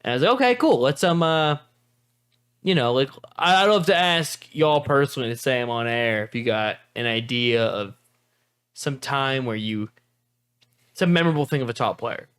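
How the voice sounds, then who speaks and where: A man's voice: medium pitch, animated, normal speed, a bit bright, clear, resonant tone. A man hosting a casual podcast, putting upbeat questions to his co-hosts. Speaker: podcast host.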